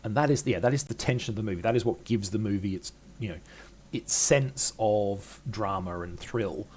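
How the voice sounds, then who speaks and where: Older man, film review vlog, low-pitched voice, wry and chatty, lots of fillers. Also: moderate pace, a little mellow, a little hiss or hum. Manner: chatty and wry, many ums and uhs. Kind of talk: casual film review monologue.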